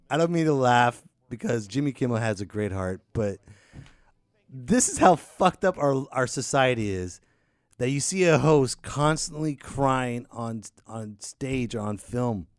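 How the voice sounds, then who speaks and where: Animated ranting male podcast host. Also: medium pitch, no room sound, clean studio sound. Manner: ranting, sarcastic, swings between loud and mumbled. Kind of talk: casual ranting chat.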